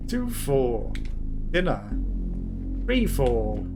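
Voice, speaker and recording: A man's voice: mid-range voice, very animated, drawn-out words. Man musing through a game, music behind. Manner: chatty, musing aloud, chuckling. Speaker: let's play host. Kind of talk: casual gameplay commentary.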